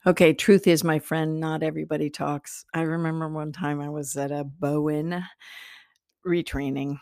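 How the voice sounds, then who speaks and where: A woman's voice: low-pitched, flat delivery, normal speed, a little mellow, no echo. A woman hosting a podcast in a chatty, rambling monologue, laughing often and talking straight to the listener. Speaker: podcast host, psychic teacher. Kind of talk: casual monologue.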